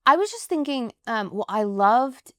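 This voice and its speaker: A woman actress talking animatedly in a casual interview, quick to laugh. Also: a little high, no room sound, studio quality. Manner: animated, chatty, laughs easily.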